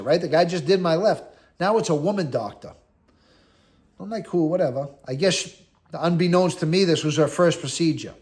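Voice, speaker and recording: A middle-aged man casually telling a story from his own life, quoting himself and others in lively, salty slang. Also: on the high side.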